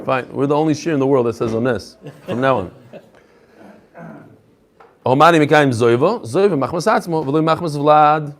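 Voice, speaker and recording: Male rabbi, fairly high voice, lively lecturing style, mixes English with Hebrew and Aramaic terms. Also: normal speed, long pauses. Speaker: rabbi teaching a daily Talmud class. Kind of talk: lively Talmud lecture to a live group.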